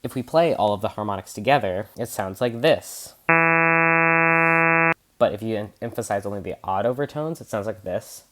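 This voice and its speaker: A man's voice: on the low side, moderate pace. Earnest teen boy explaining music science. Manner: earnest, explanatory, stumbles over some words. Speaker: student presenter. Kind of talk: scripted educational narration.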